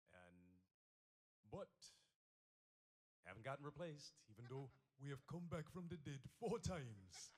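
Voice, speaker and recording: A man's voice: mid-range voice, a bit bright. A man speaking as a guest at a convention panel, telling stories unhurriedly and acting out quoted voices.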